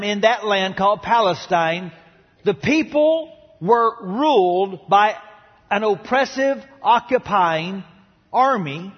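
A man preaching a sermon in a dramatic style, with big swings in pitch and loudness, recorded in a large church auditorium. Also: breathy edge. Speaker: pastor. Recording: dull sound in a large reverberant hall.

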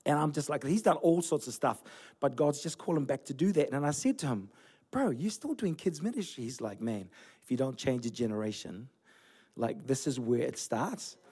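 A man in his forties, originally from Fiji, preaching a sermon as pastor with animated storytelling and self-deprecating humor. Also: mid-range voice, brisk, husky. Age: 40s. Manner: storytelling, animated, laughing at himself. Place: church.

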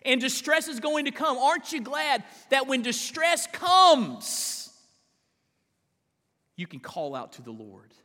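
A male pastor preaching a live sermon in a church, emphatic, with big swings in pitch and drawn-out stressed words. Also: very animated, pushed and bright, in a large hall. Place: large church sanctuary.

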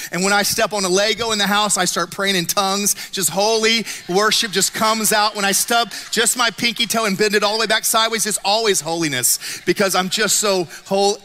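High, bright-voiced pastor preaching in a hall. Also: male voice. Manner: animated storytelling with self-mocking humor. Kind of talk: sermon. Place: church auditorium. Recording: long reverb of a church hall.

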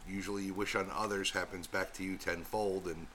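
A man's voice: low-pitched, flat delivery, a little fast, a crowd in the background, low-quality recording. A man co-hosting a podcast, chiming in with laid-back, agreeable replies. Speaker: podcast co-host. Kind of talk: casual podcast chat.

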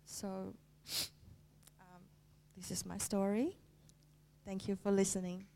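Slow, halting woman sharing a testimony. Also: medium pitch, level tone, vocal fry, dark tone, slight background noise. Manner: halting, heartfelt, with many pauses and fillers. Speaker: church member sharing a testimony. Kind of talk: personal faith testimony.

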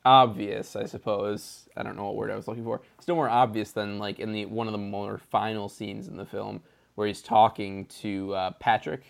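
Young man, mid-pitched, joking, laughs a lot, searches for words, casual film talk. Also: level tone, moderate pace, gravelly. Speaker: film podcast co-host.

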